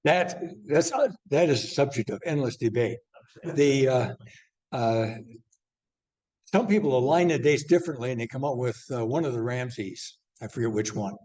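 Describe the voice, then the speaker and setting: A man's voice: medium pitch, normal speed, a little mellow. Older man teaching a church class. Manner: rambling, many uh fillers and restarts.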